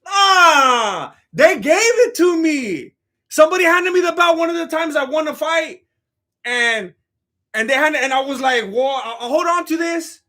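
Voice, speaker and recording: A man putting on a mocking impression of a champion fighter who claims he never cared about his title, loud and exaggerated. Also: very high-pitched, lively intonation, unhurried, pitched above the performer's own voice, exaggerated voice. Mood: mock-dismissive. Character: boastful male champion fighter acting nonchalant. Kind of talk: comic impression on a live stream.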